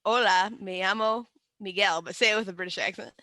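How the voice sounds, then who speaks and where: A woman's voice: medium pitch, brisk, sharp tone, no room sound. A woman co-hosting a casual podcast, giggly and playful as she banters. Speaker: podcast co-host. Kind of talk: casual joking chat.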